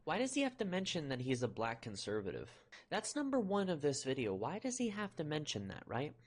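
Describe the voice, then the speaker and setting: A woman's voice: low voice, wildly swooping pitch, fairly quick, breathy edge. A woman ranting indignantly in her own video commentary.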